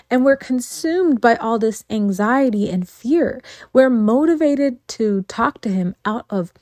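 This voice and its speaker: A woman's voice: a little high, lively intonation, moderate pace, hardly any pauses, darkish tone, dry recording. A woman hosting a faith devotional podcast, speaking earnestly and exhorting, repeating phrases and adding a casual "like" and "right?". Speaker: podcast host.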